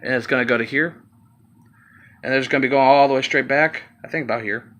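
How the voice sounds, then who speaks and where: A man's voice: mid-range voice, fast, fairly bright tone. A man with a slight Southern accent filming a rambling, casual walkaround of his car project, swearing now and then.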